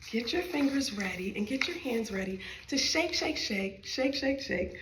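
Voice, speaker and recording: A woman's voice: fairly high pitch, lively intonation, normal speed, echoey room, background noise. A woman reading her own picture book aloud to small children in a library, playful and sing-song, talking straight to her young listeners.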